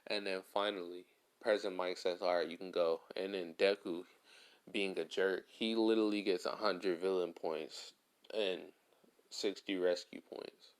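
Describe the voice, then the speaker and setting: A man with a fairly low voice casually narrating an improvised fan story. He rambles, drops slang and keeps saying "like" as he goes. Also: fairly even intonation, unhurried, clear, resonant tone. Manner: rambling, slangy, full of "like" and restarts.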